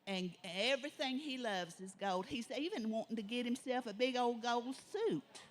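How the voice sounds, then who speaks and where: A woman's voice: on the high side, lively intonation. Folksy woman storyteller. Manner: folksy, drawn-out telling. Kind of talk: oral folk storytelling.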